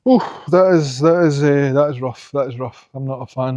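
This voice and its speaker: A man's voice: medium pitch, normal speed, warm tone, dry recording. A young Scottish man chatting as he hikes outdoors in the mountains, rambling and opinionated. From Scotland. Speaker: hiking vlogger. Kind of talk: casual vlog chat on a walk.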